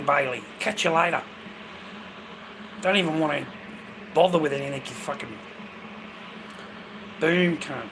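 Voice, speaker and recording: An Australian man in a profane, rambling casual chat to viewers, breaking into loud bursts. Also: a little high, measured pace, pauses often, noisy background.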